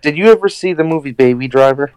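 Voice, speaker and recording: A man's voice: on the high side, fast, a little mellow, clean tone, no echo. Laid-back man rambling in chat. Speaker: podcast co-host. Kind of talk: casual chat.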